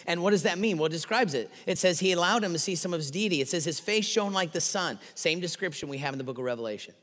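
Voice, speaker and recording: Animated man preaching in an echoing hall. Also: fairly high pitch. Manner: animated, acts out quotes with playful voices. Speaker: pastor. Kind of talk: sermon. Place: church sanctuary. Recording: long hall reverb.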